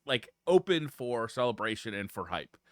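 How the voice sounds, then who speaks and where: A man co-hosting a gaming podcast, bantering in a lively way and often breaking into laughter. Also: medium pitch, normal speed, no room sound, clean studio sound. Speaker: podcast co-host. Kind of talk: casual podcast chat.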